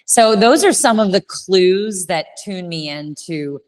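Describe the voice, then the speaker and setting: A woman talks through a casual interview as the guest. Her voice sits low, but it swings widely as she tells her stories, full of expressive restarts. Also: slow, hardly any pauses. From Louisiana, United States. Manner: expressive, animated storyteller with frequent restarts. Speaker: guest, communication coach.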